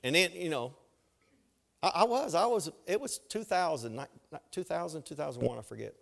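Storytelling preacher man, slightly high voice. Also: animated, brisk, gravelly, fairly bright tone. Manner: storytelling with humor and asides to the congregation. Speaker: pastor. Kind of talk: sermon.

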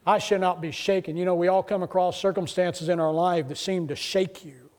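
High-voiced middle-aged pastor preaching. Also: male voice, brisk. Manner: conversational testimony rising to excited preaching. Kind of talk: sermon.

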